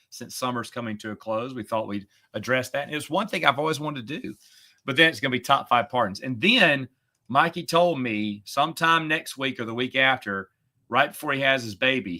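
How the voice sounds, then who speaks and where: A middle-aged man in casual chat, a podcast host who talks in a sarcastic, chatty way and gets animated when retelling a story. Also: medium pitch.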